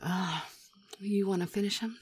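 A young adult woman murmuring in a low, teasing whispered role-play. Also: normal speed, a little hiss or hum.

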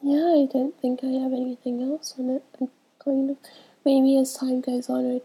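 A young woman talking in a casual, hesitant way, her voice congested from a cold. Her tone is very dark and husky with a gravelly fry, kept fairly high but flat in pitch. She fills pauses with ums as she works through a list of questions. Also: rough recording. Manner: hesitant, many ums, laughs between answers. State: stuffy from a cold. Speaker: vlogger answering a questionnaire. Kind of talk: casual chat.

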